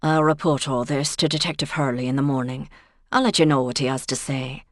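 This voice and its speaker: A calm, patient village policeman, as a woman narrator puts him on, measured and apologetic. His voice stays low and dry. It is a storybook scene read aloud. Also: no echo.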